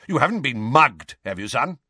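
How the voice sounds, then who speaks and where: Dude doing a loud blustering angry uncle, bellowing, bouncy pitch. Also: male voice, very animated, normal speed, husky, no room sound, studio quality, heavily acted. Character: blustering bullying middle-aged uncle.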